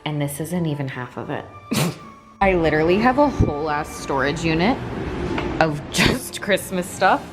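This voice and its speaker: Young woman, vlogger, gushing, excitable, very lively swooping pitch, music playing behind. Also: normal speed. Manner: gushing and excitable, frequent gasps and giggles. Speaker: lifestyle vlogger. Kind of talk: casual vlog chat.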